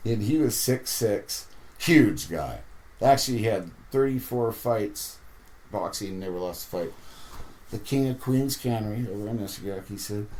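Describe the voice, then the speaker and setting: A fishing captain telling rambling, animated stories in a podcast interview. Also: male voice, mid-range voice.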